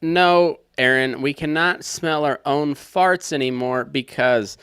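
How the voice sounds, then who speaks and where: A man's voice: fairly high pitch, slow pace, a bit bright, clean tone, dry recording, clean studio sound. A man co-hosting a podcast, making mock-serious sarcastic jokes in comedic banter. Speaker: podcast co-host.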